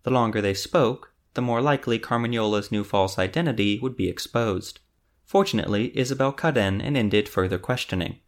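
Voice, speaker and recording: A man reading a fantasy novel aloud as the narrator, in a measured storytelling manner. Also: fairly low pitch. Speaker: audiobook narrator.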